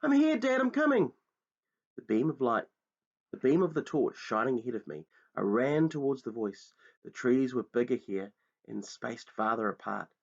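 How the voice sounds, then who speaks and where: A man reading a children's book aloud in a slow, hushed, dramatic storytelling manner. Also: mid-range voice, creaky. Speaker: reader. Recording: dull lo-fi recording.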